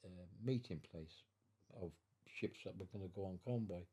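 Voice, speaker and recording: A man's voice: low-pitched, moderate pace, warm tone, breathy edge. A man in his nineties telling his life story at home in an interview, rambling and restarting as he goes. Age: 90s. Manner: rambling, repeats and restarts, chuckles while telling. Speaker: veteran interviewee.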